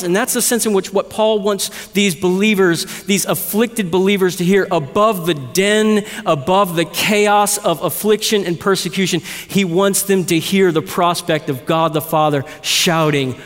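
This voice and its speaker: Emphatic preacher in a reverberant hall. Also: male voice, high-pitched. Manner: emphatic preaching with dramatic slowdowns. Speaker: pastor. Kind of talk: sermon.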